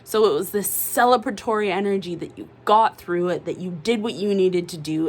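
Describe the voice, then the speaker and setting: A woman doing a casual tarot reading to camera, animated and exclamatory, swearing freely. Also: mid-range voice, fairly quick, hardly any pauses. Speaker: tarot reader.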